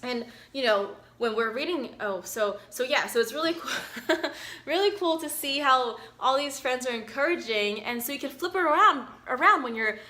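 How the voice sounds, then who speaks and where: A woman's voice: sits high, expressive, normal speed. Chatty woman reading a picture book. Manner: chatty, warm, encouraging, many fillers. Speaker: physician reading to children.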